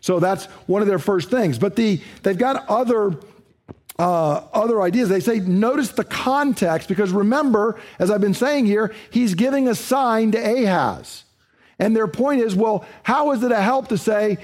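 A man's voice: high voice, expressive, normal speed, a little mellow. A man teaching a Bible study lecture, explaining a passage and reading scripture aloud, with a few fillers.

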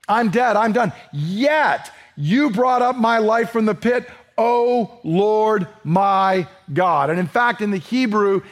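A male pastor preaching an expository sermon, earnest and emphatic, slowing down to read scripture aloud. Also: sits high.

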